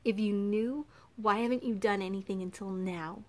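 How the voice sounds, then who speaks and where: A woman's voice: mid-range voice, steady tone, normal speed, lightly acted. A woman voicing a troubled young woman in an audiobook, speaking earnestly with a pleading edge. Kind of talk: audiobook character reading.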